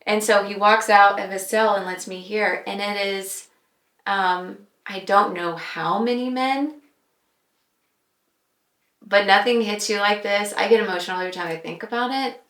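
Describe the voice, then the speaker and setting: A woman guest on a podcast, sharing a personal faith testimony in an earnest, reflective way, with pauses and fillers. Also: mid-range voice, fairly bright tone. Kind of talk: personal testimony in casual chat. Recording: roomy echo.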